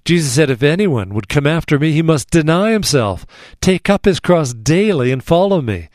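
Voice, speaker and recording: A man hosting a Christian radio program, giving measured, formal introductions. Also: fairly high pitch, expressive, darkish tone, dry recording, studio quality. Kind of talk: scripted radio announcing.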